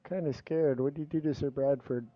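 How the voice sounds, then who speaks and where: A man's voice: on the high side, fairly even intonation, moderate pace, no room sound. Man playing a tabletop game on a dull mic. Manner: casual and offhand. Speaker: player. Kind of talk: in-character tabletop play.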